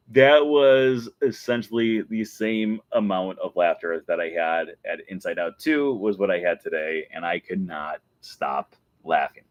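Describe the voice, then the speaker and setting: A man hosting a casual vlog, telling an excited story and breaking into laughter again and again. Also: deep voice, unhurried, no room sound. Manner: giggly, keeps breaking into laughter. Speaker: show host.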